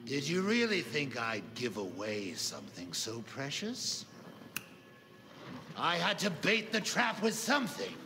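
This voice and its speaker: A man voicing a sneering, cruel video game villain who taunts slowly and theatrically. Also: a little high, huge pitch swings, noisy background, exaggerated voice. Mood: gloating. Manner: gloating, taunting, slow theatrical delivery.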